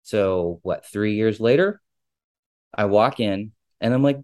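Lower-voiced man telling a personal story. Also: slow, a little mellow, dry recording, studio quality. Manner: conversational, digressive, openly emotional. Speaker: ship captain.

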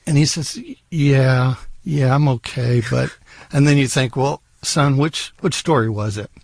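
A man's voice: medium pitch, measured pace, creaky, darkish tone, no room sound. A middle-aged man telling a humorous personal story and acting out the voices in it. He also serves as a part-time host of the show. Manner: playful, acts out voices in his tale.

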